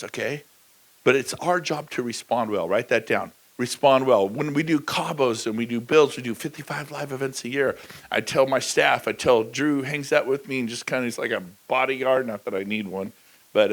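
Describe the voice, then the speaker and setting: A man giving a motivational stage talk at a conference, preachy and energetic, asking the crowd questions and bursting into shouts. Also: medium pitch. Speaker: motivational speaker. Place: large conference hall.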